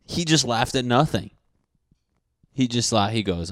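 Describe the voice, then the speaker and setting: A young man reacting to a dating show clip in crude, excitable commentary, often swearing and acting out what people are thinking. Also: medium pitch, measured pace, pauses often, dry recording, clean studio sound. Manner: excitable, swearing, mock-narrating others' thoughts.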